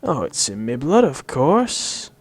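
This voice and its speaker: A man's voice: mid-range voice, very animated, husky, dry recording, exaggerated voice. A man putting on a lilting Irish barfly. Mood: blarney. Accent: put-on Irish. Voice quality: lilting, slow, theatrical brogue. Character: boozy male Irish barfly spinning tall tales.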